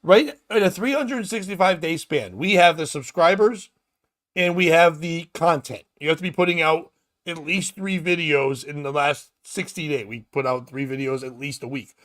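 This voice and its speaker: Loud, animated male comedy host. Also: fairly high pitch, normal speed, no room sound, clean studio sound. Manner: loud, animated, crude joking with sudden shouts. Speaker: podcast host. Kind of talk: casual comedy chat.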